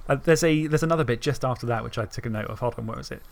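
A man co-hosting a casual book podcast gushes about a fantasy novel, reading excerpts aloud and restarting sentences again and again. His mid-range voice is creaky and very fast.

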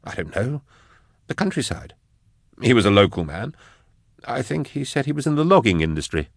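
A man's voice: mid-range voice, sing-song, moderate pace, vocal fry, no echo, clean studio sound, voice pushed up. A man reading as an uneasy questioning scholar.

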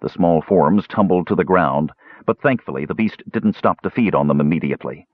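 A man reading a fantasy audiobook with expressive storytelling, in a slightly dull recording. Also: deep voice, fairly quick, dry recording. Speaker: audiobook narrator. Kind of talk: scripted audiobook narration.

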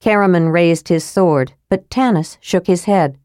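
A woman's voice: unhurried, a little mellow, dry recording, clean studio sound. Woman narrating a fantasy audiobook. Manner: lowers her voice for male characters. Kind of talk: scripted narration with character voices.

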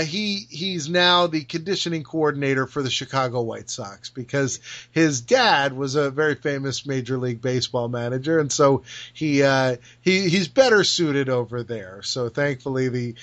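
A man co-hosting a casual podcast, an animated storyteller who acts out remembered conversations and laughs often. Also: mid-range voice, moderate pace, lo-fi sound. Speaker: podcast co-host. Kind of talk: casual chat about pro wrestling history.

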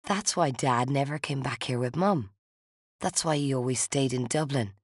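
An audiobook narrator giving a measured, steady first-person fiction reading. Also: mid-range voice, no echo, studio quality.

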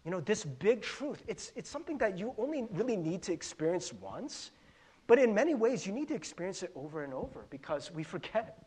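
A man's voice: high voice, very animated, a little fast, a little mellow, husky. A middle-aged man preaching a conversational sermon as a pastor, often stumbling over repeated words. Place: church sanctuary.

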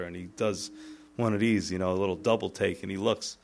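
A male pastor preaching a sermon, retelling the scripture in a lively way and chuckling at the text. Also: fairly low pitch, normal speed, creaky, pauses often.

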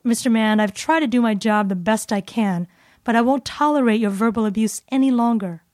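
A firm, fed-up office worker, read by a woman, speaks in clipped lines. Her voice sits a little high, and the recording is dry and close. It plays as a scripted learning dialogue. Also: a little fast, a little mellow, no echo, lightly acted.

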